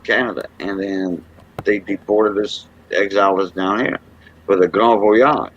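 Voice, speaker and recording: A man from Southwest Louisiana with a Cajun accent, talking in a halting, patient way in a casual memorial chat. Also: fairly low pitch, steady tone, slight background noise. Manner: halting, explains things patiently. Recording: dull lo-fi online audio.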